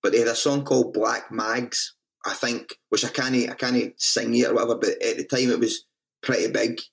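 A Scottish man talks through his band's early days in a relaxed, unscripted way, full of swearing and false starts. His voice has a gravelly, fry-laden edge at an everyday middle pitch. He comes across as a frontman chatting freely with a friend. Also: normal speed. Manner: swears freely, restarts a lot, self-mocking. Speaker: band frontman and guest. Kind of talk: casual interview storytelling.

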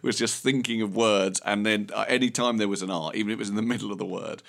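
A man's voice: fairly low pitch, fast talker, vocal fry, fairly bright tone. A man co-hosting a podcast, chatting in a rambling, playful way and laughing at himself. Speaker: podcast co-host. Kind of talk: casual chat.

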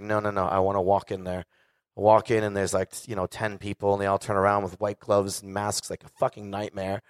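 A man's voice: fairly low pitch, dry recording, clean studio sound. A man in his forties, a singer, telling a candid and profane story casually to a live audience. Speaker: guest singer.

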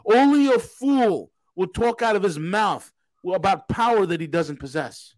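A man's voice: high voice, expressive, unhurried, a little mellow, no room sound, rough recording. A male show host talking politics in a blunt, emphatic and sarcastic way. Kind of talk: heated political talk.

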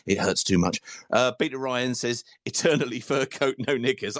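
A man's voice: medium pitch, moderate pace, a bit bright, no room sound, clean studio sound. A man hosting a football fan phone-in, chatty and self-mocking, reading out listener messages with sweary banter. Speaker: fan podcast host. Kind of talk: casual football phone-in chat.

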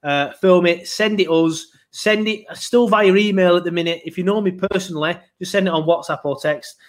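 A man's voice: high-pitched, moderate pace. A man hosting a football podcast in a rambling, sweary casual chat, laughing often. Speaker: podcast host.

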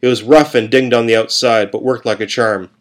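A man reading a first-person story aloud in a calm, steady way. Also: mid-range voice, a little fast.

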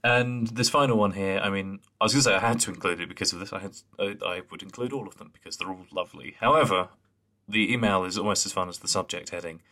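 Deep-voiced man podcast co-host. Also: fast talker, pushed and bright. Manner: earnest, reads out listener emails, hesitant fillers. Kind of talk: casual chat.

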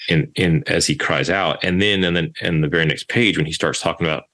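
A man's voice: deep voice, steady tone, fairly quick, bright, forceful tone. A man co-hosting a podcast, discussing a book in a casual, hesitant way with frequent restarts. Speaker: podcast co-host.

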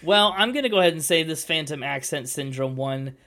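A man's voice: fairly high pitch, expressive, brisk, sharp tone. A man co-hosting a casual podcast chat, curious and asking lots of follow-up questions. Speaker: podcast co-host.

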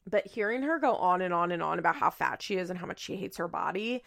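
A woman's voice: on the low side, animated, fast talker, creaky, fairly bright tone. A woman, hosting a podcast and chatting candidly on her own, with many fillers and casual swearing. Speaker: podcast host. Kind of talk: casual solo chat.

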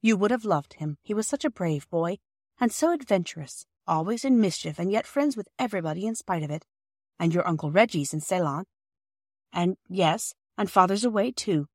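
A woman reading a storybook aloud, voicing a gentle, loving Victorian mother who speaks with soft, tender reassurance. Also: mid-range voice, dry recording, studio quality. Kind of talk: audiobook character voice.

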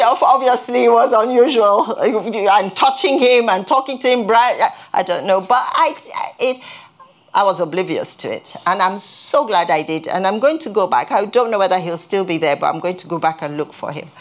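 With lively intonation and a medium-pitched voice, a woman preaches earnestly, weaving personal testimony into her sermon. She restarts haltingly at times and lifts her voice when moved.

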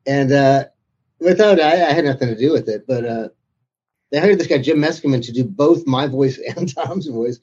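A man being interviewed about his book tells amused, anecdotal stories. His voice is husky and mellow, and the recording sounds dull and lo-fi. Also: mid-range voice, moderate pace. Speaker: author and interviewer guest. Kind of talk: casual interview chat.

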